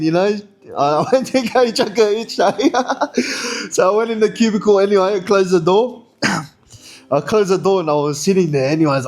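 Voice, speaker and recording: A young man with an Australian accent telling a story in casual, slangy speech, laughing often and jumping higher in pitch when he gets excited.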